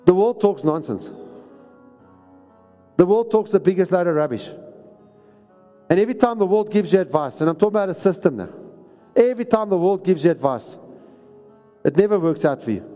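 A man's voice: high-pitched, expressive, a little fast, long pauses, warm tone, soft background music. A man preaching a sermon, exhorting and repeating lines for emphasis. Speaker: pastor. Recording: reverberant hall recording.

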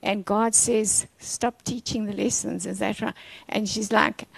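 Woman pastor, sermon, playful storytelling, gravelly, dry sound. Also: medium pitch, unhurried, no room sound, low-quality recording. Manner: animated, playful storytelling with asides.

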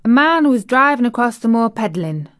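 A woman's voice: mid-range voice, unhurried, no echo, studio quality, close to an everyday voice. A woman voicing a cheerful, chatty young maid with a broad Yorkshire accent. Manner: broad dialect, eager.

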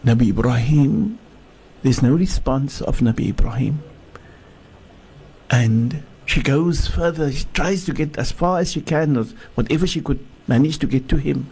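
Sheikh slowly telling a story, husky mellow voice, lots of restarts. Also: male voice, mid-range voice. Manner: slow, halting, with many restarts and repeated words. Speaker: sheikh, guest speaker. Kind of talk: storytelling sermon.

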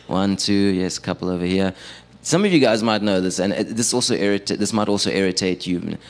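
A man's voice: deep voice, a little fast. A young South African man performing a self-deprecating stand-up set, chatting with the audience from a live stage. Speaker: stand-up comedian and radio producer.

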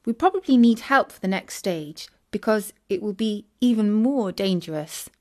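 A woman's voice: medium pitch, animated, normal speed, mellow, natural voice. Woman as young girl detective, cautious, earnest, storybook.

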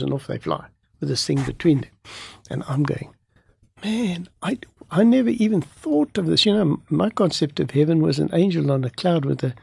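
A man's voice: on the high side, gravelly, darkish tone, husky, dry recording. A man telling a personal testimony in the first person, acting out the dialogue as he retells it. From farming background. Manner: vivid retelling that acts out dialogue.

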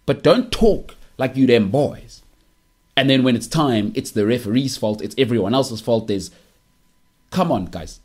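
A young South African podcast host gives an opinionated monologue, teasing and emphatic, hammering his punchlines by repeating them. He speaks unhurriedly in a mid-range voice with lively intonation and a somewhat dark tone.

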